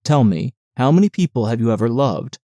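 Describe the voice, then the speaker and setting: A man's voice: mid-range voice, animated, fairly quick, warm tone, dry recording, studio quality, lightly acted. A man reading as a tender young nurse. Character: young female nurse, affectionate and teasing.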